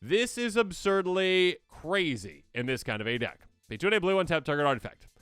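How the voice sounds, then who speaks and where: Excitable man with lively, bright voice. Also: fairly quick, clean tone, no echo, studio quality, soft background music. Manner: excitable, acts out players' reactions in squeaky voices. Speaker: host. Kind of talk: enthusiastic card game deck overview.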